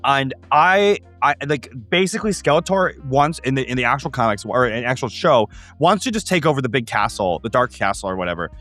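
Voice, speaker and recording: A man hosting a tabletop gaming show, explaining ideas in an animated, casual way with quick asides. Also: mid-range voice, faint music behind.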